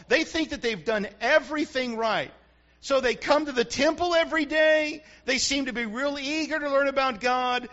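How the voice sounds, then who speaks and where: Male pastor, high and bright voice, punchy repetitive preaching, muffled sermon recording. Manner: emphatic, repetitive preaching with rhetorical questions.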